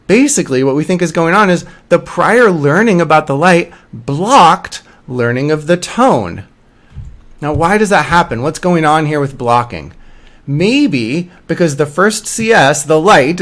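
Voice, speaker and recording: A man's voice: a little high, a bit bright. A man lecturing to a university course, explaining step by step, often repeating phrases and checking in with "right?". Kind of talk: recorded lecture.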